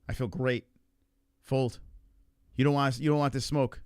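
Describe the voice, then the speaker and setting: A man's voice: mid-range voice, flat delivery, a little slow, long pauses, a little mellow, a little hiss or hum. Trash-talking man playing poker. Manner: trash-talking, swearing, taunting opponent. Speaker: podcast host playing poker. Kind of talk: casual gaming commentary.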